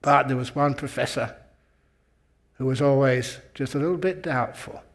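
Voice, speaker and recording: A man's voice: medium pitch, moderate pace. Male meditation teacher, humorous storyteller, playful with easy chuckles, mid-range voice. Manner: playful, chuckles at his own jokes. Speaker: Buddhist monk and meditation teacher.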